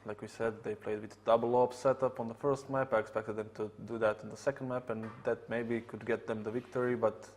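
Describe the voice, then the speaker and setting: A Serbian-accented man chats about a match in English, his second language. He is relaxed and soft-spoken, joking lightly in a middle-pitched voice. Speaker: esports analyst. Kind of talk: studio analysis chat.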